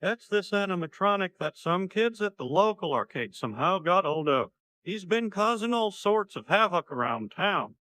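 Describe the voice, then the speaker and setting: A synthetic man's voice playing a gruff, blunt middle-aged small-town dad in a parody cartoon. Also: high-pitched, sing-song, moderate pace, sharp tone, exaggerated voice. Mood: plain. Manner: blunt, plain-spoken.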